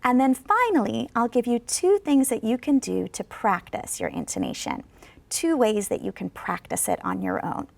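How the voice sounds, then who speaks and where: A woman professor teaching English pronunciation in a video lesson, speaking patiently and slowing down on model sentences for students to repeat. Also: on the high side, sing-song, gravelly. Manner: patient, instructive. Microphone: studio microphone.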